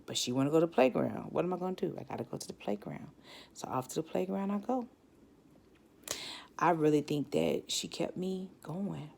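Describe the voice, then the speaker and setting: A woman's voice: fairly low pitch, normal speed, gravelly, a little mellow. A woman telling her own story as a cancer survivor, reflective and candid, often restarting her sentences. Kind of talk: personal storytelling.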